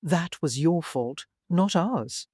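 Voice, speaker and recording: An audiobook narrator voicing a bitter middle-aged mother who speaks crisply and with reproach. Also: medium pitch, lively intonation, slow, a little mellow, dry recording, clean studio sound. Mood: cold.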